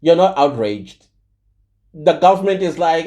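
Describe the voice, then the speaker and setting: South african guy ranting on his channel, repeats himself a lot, warm low-key tone. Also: big pitch swings, measured pace, muffled recording. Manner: heated, preachy, repeats points for emphasis. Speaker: channel host. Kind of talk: impassioned commentary to camera.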